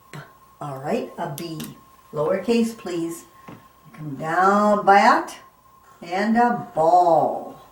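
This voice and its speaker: A reading teacher leads young children through a phonics lesson, sounding words out letter by letter and coaxing them along with questions. Her voice is fairly low and darkish, recorded in an echoey room.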